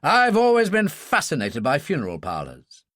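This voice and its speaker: A man voicing an older male intelligence chief who speaks crisply and commandingly in an audiobook reading. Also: a little high, huge pitch swings, moderate pace, a bit bright, dry recording, clean studio sound, full character voice. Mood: brisk.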